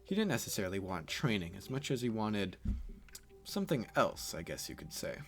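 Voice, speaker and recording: A man's voice: on the low side, big pitch swings, fairly quick, faint music behind. A man casually narrating a fan what-if story, rambling and swearing freely as he goes. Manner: rambling, profane, offhand. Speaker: YouTube storyteller.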